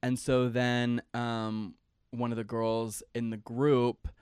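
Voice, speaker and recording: A man's voice: mid-range voice, level tone, slow, darkish tone, smooth, no room sound, clean studio sound. A young man hosting his own podcast, telling a long story in a chatty, casual way, full of "like" and playful slang. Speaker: podcast host.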